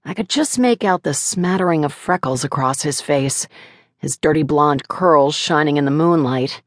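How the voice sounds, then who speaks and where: A woman narrating a first-person romance novel in an even, measured storytelling manner. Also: sits low, no room sound, studio quality. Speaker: audiobook narrator.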